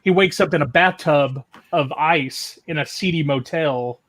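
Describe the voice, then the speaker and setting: A man's voice: fairly high pitch, measured pace, fairly bright tone. A man telling a long story in a loose, casual way, full of "like" and restarts, from a video call. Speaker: guest caller.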